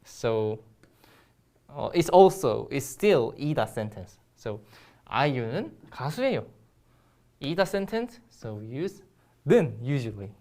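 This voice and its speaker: A woman's voice: very deep voice, sing-song, fairly quick, long pauses, warm tone. A woman with a Korean accent teaching a Korean grammar lesson in English, explaining step by step with frequent ums and restarts.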